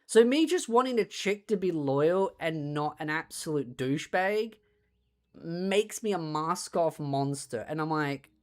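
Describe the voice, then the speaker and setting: Rambling low-voiced woman streamer. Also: measured pace. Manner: rambling, animated retelling. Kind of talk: casual stream chat. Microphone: desk streaming mic.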